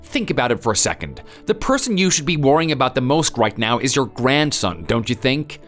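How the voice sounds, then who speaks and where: A man's voice: medium pitch, very animated, fairly quick, a bit bright, soft background music. A man playing an exasperated young husband. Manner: defensive, exasperated. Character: weary husband who had an affair. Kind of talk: dramatized text story.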